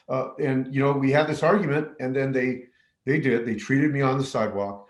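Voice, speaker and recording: A man's voice: medium pitch, steady tone, normal speed, roomy sound. A man, a middle school teacher from New Mexico, telling a personal story with many fillers and restarts. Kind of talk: personal story told to camera.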